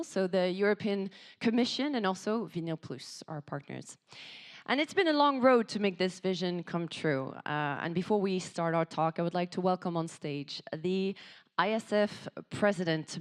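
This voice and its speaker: A woman hosting a live event on stage as master of ceremonies, speaking upbeat and directly to a large audience of girls. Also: on the low side. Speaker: master of ceremonies, TV sports journalist. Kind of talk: event hosting speech to a crowd.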